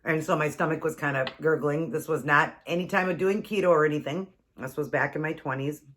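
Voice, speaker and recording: A woman's voice: deep voice, fairly quick, fairly bright tone. Chatty rambling woman in her forties. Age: 40s. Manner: chatty, rambling, laughs often. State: runny nose. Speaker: keto vlogger. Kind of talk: casual storytelling while eating.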